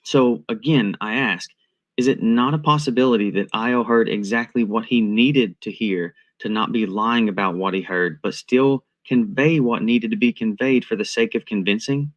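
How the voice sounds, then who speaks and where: Measured, analytical man narrating a commentary. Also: fairly low pitch, muffled recording.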